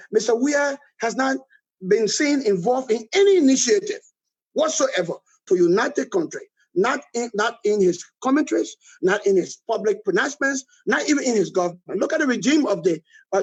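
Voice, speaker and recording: A man's voice: sits high, lively intonation, brisk, breathy edge, rough recording. A man with a Liberian accent, a political guest giving emphatic critical commentary and often adding "all right?".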